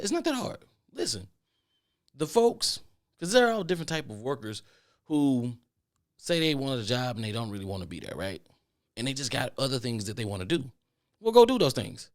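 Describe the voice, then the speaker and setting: A man ranting on his podcast. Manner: animated ranting with mocking falsetto impressions; repeats phrases for emphasis, swears freely. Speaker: podcast host. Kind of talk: solo podcast rant.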